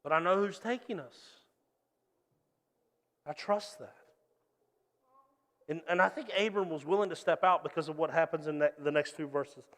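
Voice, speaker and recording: A man's voice: a little high, moderate pace, long pauses, big-room sound. A man preaching a sermon as pastor, telling stories animatedly and acting out voices. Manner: animated storytelling with acted-out voices.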